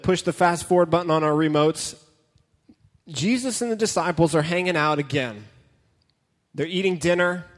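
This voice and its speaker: A man preaching a casual, joking sermon to a young crowd, retelling and reading a Bible story with dramatic flair. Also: on the high side. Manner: joking, dramatic storytelling, reads scripture aloud. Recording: long hall reverb.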